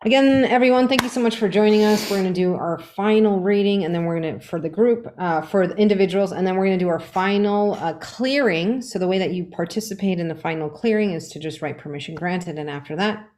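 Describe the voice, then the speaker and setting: A woman's voice: medium pitch, fast talker, few pauses, darkish tone. A woman co-hosting a livestream as a card reader, talking in a bubbly, scattered way. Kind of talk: casual livestream chat.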